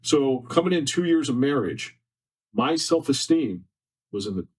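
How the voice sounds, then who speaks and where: A man's voice: medium pitch, very animated, unhurried, slightly rough. A man on a podcast, sharing a personal story in an earnest, repetitive, emotional way. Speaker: podcast guest. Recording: distant mic from faulty setup.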